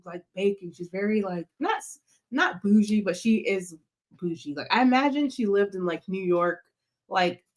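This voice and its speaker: A woman's voice: medium pitch, animated, normal speed. A young woman chatting casually, rambling with lots of fillers. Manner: rambling, filler-heavy, giggly. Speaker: co-host. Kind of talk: casual chat.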